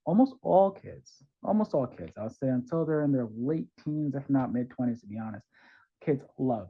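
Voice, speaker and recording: A man talking as a guest in an interview about parenting, animated and acting out voices of parents and kids, heard over a call. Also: mid-range voice, breathy edge. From New York. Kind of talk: conversational advice in an interview. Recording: dull, lo-fi sound.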